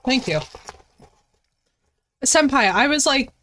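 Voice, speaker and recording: Woman streamer, slightly high voice, lively, profane storyteller. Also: slow pace, slight background noise. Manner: animated, swearing, laughing storyteller with big pitch jumps. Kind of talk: casual chat.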